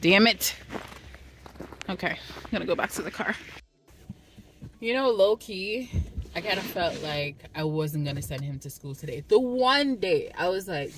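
A woman's voice: medium pitch, expressive, unhurried, a bit bright. A woman with a Jamaican accent chatting to her phone camera in a casual, storytelling vlog, now and then turning to talk to her toddler. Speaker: lifestyle vlogger. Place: car, outdoors in the cold and at home. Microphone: phone front camera.

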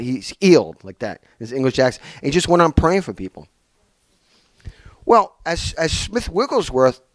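A man preaching a sermon, telling stories in an animated way with many restarts. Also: fairly high pitch, dry recording. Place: small church hall.

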